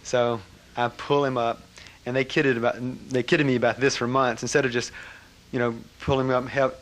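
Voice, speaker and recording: A man telling a personal story to an audience, animated, with frequent laughter and trailing fillers. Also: mid-range voice, normal speed. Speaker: speaker recounting a memory. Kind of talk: personal anecdote to a live audience.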